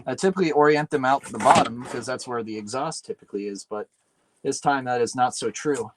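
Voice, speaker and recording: Late at night, a weary man chats casually on a livestream while putting together a PC, rambling, cursing and talking to himself with self-deprecating humor. He speaks at a medium pitch, a little fast, and the audio is very noisy.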